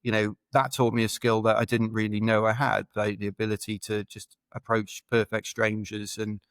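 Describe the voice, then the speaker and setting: A man's voice: fairly low pitch, level tone, moderate pace, no room sound. A British man telling rambling, self-deprecating stories as a podcast guest in casual chat. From United Kingdom. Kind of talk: casual anecdotal storytelling.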